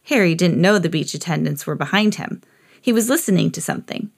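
A woman hosting a podcast, reading a children's picture book aloud in an expressive storytelling voice. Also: brisk, vocal fry. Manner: expressive, jumps high for quoted characters. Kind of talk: read-aloud storybook narration.

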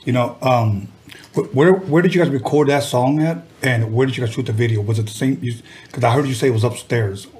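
A man's voice: medium pitch, a little fast, a little mellow, breathy edge. A man hosting an interview, asking questions in an easygoing, friendly way with short affirmations. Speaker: podcast host. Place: Los Angeles area.

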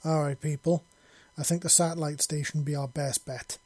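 Man doing an armored squad leader, decisive and matter-of-fact, mellow voice, dry sound. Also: on the high side, steady tone, a little fast, dry recording, close to an everyday voice.

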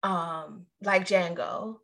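A woman's voice: lowish voice, extremely slow, creaky, fairly bright tone. A woman co-hosting a podcast in casual chat, meandering and chatty, with asides to the listeners. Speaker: podcast co-host.

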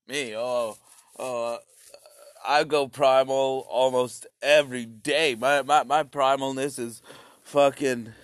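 A man talks to the camera in a slow, rambling, crude comic monologue, drifting off into caveman grunts. His voice sits in an ordinary middle register. The sound is close and dry, with no room around it. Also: medium pitch, smooth, dry recording.

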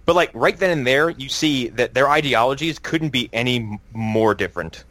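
A young man co-hosting a podcast in casual chat, animated and swearing freely, acting out quotes as he talks. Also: mid-range voice, normal speed, no echo. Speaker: podcast co-host.

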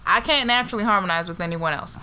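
A woman's voice: mid-range voice, fast talker, bright, forceful tone, a little hiss or hum. A woman co-hosting a casual chat, talkative and breaking into bits of song. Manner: chatty, breaks into snippets of song.

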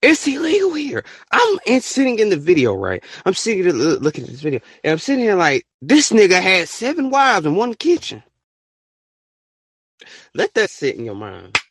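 A man hosting a podcast, ranting his opinion in an animated, profane way and bursting into shouts. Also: sits high, moderate pace, breathy edge, no room sound, clean studio sound. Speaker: podcast host.

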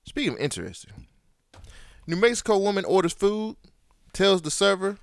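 A man co-hosting a podcast, talking in a laid-back way and reading out news stories. His voice is fairly high and smooth, with lots of rise and fall. The sound is close and dry. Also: sing-song, normal speed, dry recording. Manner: laid-back, repeats words, reads news stories aloud. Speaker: podcast co-host. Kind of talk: casual chat.

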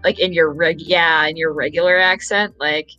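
A man hosting a podcast in casual chat, rambling and stammering, quick to laugh. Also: a little high, steady tone, bright, forceful tone, highs cut off, faint music behind. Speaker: podcast host.

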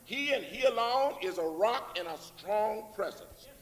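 A man with a high voice delivers a Sunday sermon from the pulpit. He calls out for the congregation to respond and builds his lines with rising emphasis. His words ring with the long reverb of a church hall. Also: expressive, unhurried, a bit bright. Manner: call-and-response preaching, rising emphatic phrases. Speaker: preacher. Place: church sanctuary.

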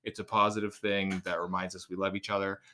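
A man's voice: sits low, flat delivery, fast talker, sharp tone. Laid-back guy on a podcast, jokey, swears some, just chatting casually. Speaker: podcast co-host. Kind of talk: casual chat.

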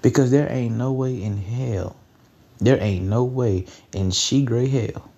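A man's voice: mid-range voice, slow, vocal fry, dark tone, highs cut off. A young man hosting a solo podcast, blunt and profane, repeating lines for emphasis. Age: young adult. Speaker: podcast host. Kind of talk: casual solo podcast rant.

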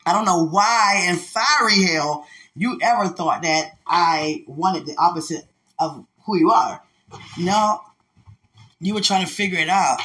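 Bright, husky-voiced woman podcaster. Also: on the low side. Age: adult with a son. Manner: candid, rambling, laughs often; talks to a loved one as sweetheart. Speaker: podcast host. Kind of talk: casual heartfelt podcast monologue.

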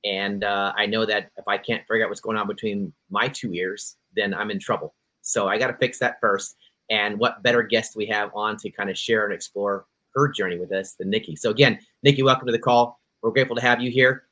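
A man's voice: fairly low pitch, fairly even intonation, brisk, pushed and bright. A man co-hosting a podcast in casual chat, enthusiastic and easily sidetracked as he welcomes a guest. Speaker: podcast co-host.

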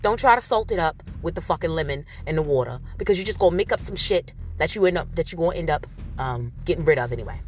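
Animated, profane woman ranting. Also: low-pitched, quick pace, faint music behind. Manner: profane, blunt, ranting storyteller. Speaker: podcast host. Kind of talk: casual solo podcast rant.

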